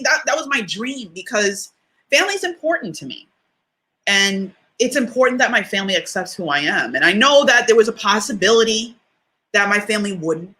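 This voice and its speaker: A woman's voice: medium pitch, pushed and bright. A woman motivational speaker telling a personal story on a livestream, candid and conversational, close to tears and laughing through it. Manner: candid, conversational, addresses listeners directly.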